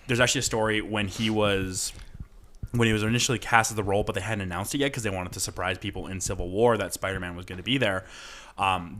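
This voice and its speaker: Low-voiced man telling stories. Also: fairly bright tone. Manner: laughing storyteller, swears freely. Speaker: podcast co-host. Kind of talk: casual chat.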